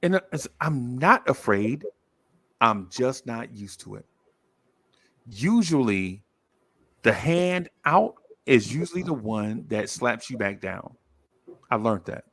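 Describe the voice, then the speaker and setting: A man telling a story in a casual podcast chat, animated and acting out the voices of the people in it, often repeating himself for emphasis. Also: mid-range voice, slow pace, pauses often, slightly rough.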